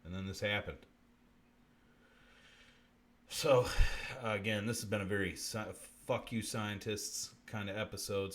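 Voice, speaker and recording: A man hosting a live-stream comedy show, muttering profane bits deadpan and breaking into sudden shouts. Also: on the low side.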